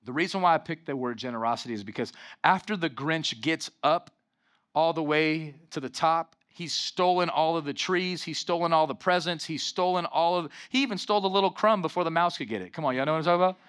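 A man's voice: a little high, fairly quick, fairly bright tone. A pastor preaching a sermon, emphatic and calling out to his congregation for responses.

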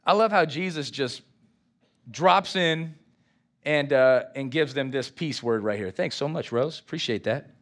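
A pastor with a medium-pitched voice preaches at a measured pace, reading scripture. He's lively and draws the congregation into call-and-response.

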